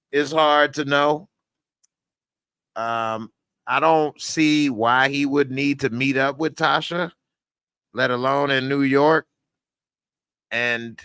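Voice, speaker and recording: A man casually reviewing a TV episode in a vlog, animated and laughing often. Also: fairly high pitch, creaky, clean tone, dry recording. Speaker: TV show reviewer.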